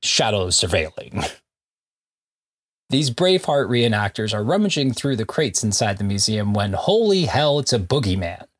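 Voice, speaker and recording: A man's voice: lowish voice, expressive, unhurried. A man co-hosting a comic book podcast, recapping issues in a casual, jokey way with frequent laughs and asides. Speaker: podcast co-host.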